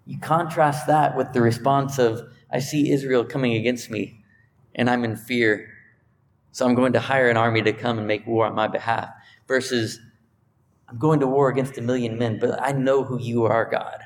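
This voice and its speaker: Man, preacher, sermon, emphatic, rises in pitch on key points, thinks aloud, faint hiss behind. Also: fairly even intonation, normal speed. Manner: emphatic, rising in pitch when stressing a point; restarts and self-corrections while thinking aloud. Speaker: pastor.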